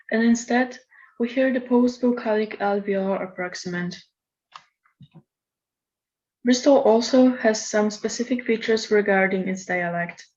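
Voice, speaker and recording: A woman presenting a recorded lecture in a measured, explanatory way. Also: on the high side, darkish tone. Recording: slightly dull lo-fi recording.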